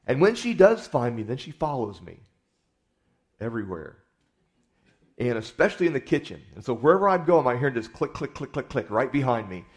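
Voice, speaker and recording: A male pastor preaching in a relaxed, storytelling way, talking to the congregation like neighbors. He is folksy and conversational, often doubling back on his own words mid-sentence, with a voice sitting right in the middle of the usual range. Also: mid-range voice, a little fast. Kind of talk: sermon.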